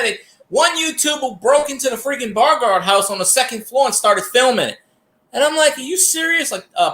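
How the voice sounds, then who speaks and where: High bright man ranting. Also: roomy sound. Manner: animated storytelling with rants and cursing. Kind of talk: casual livestream chat.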